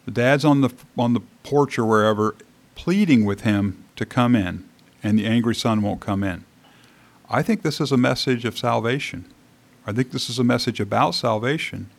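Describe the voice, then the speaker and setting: A man's voice: medium pitch, creaky. A man preaching a sermon in a church, reading scripture aloud and commenting on it in a conversational way. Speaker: pastor. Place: church sanctuary.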